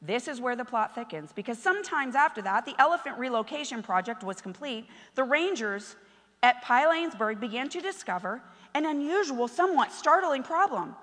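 A woman preacher delivering an impassioned sermon in a church, swinging between hushed asides and shouted exhortation. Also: high-pitched, expressive, a little fast, in a large hall.

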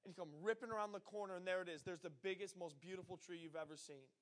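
A man's voice: high-pitched, quick pace, a bit bright. A young man preaching a sermon, telling a vivid story with lots of energy and acting out the voices he quotes. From northern US.

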